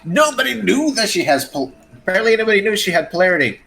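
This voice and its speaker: A man's voice: high-pitched, sing-song, gravelly, sharp tone, low-quality recording. A man adding crude, swearing commentary while a friend reads a story. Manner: profane, quick blunt jokes. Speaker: co-host.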